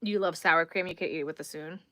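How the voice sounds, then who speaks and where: Crocheting on a casual livestream, a woman talks fast in a low-pitched, fairly bright voice, easygoing and a little weary as she reads and responds to chat comments. The audio is dry and clean, like a studio.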